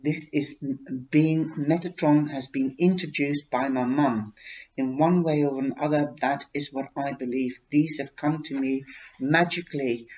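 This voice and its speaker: A man reviewing a tarot deck in a heartfelt, casual way, talking emotionally and haltingly with many restarts. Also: on the high side, fairly even intonation, a little mellow. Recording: dull lo-fi recording.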